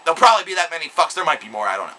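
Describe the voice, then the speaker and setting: A man's voice: fairly high pitch, sing-song, rapid-fire, sharp tone, slight background noise, rough recording. A young man delivering an angry, sarcastic, profanity-laced vlog rant. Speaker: video blogger. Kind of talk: ranting vlog monologue.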